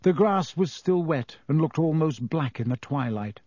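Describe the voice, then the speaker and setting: Measured male audiobook narrator, a bit higher than most men, close dry studio sound. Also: expressive, mellow, no echo. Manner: measured storytelling. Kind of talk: scripted narration.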